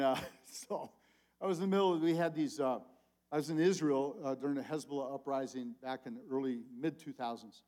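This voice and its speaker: An older man preaching a sermon at a conference in a conversational, animated way, swinging between loud exclamations and quiet asides. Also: a little high. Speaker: conference speaker.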